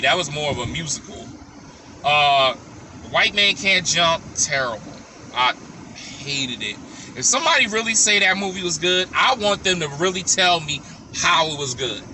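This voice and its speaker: High, bright-voiced man ranting bluntly. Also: slight background noise. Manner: blunt and opinionated, repeats his verdicts; talks straight to viewers. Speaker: vlogger. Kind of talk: casual opinion vlog.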